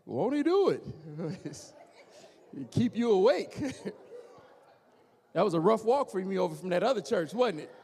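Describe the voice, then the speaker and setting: Male comic working the crowd, animated and teasing, higher pitch, reverberant church room. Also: unhurried, gravelly, pauses often. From Gary, Indiana, USA. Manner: animated, teasing, talks straight to the audience. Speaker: stand-up comedian. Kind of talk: stand-up comedy with crowd work. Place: church hall before a live audience.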